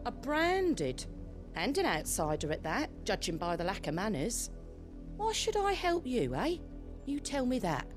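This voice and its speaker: A woman's voice: on the high side, huge pitch swings, unhurried, over music. An actress playing a scornful, dismissive village woman in a video game. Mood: sneering. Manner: sneering, dismissive. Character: scornful older village woman, rude and cold.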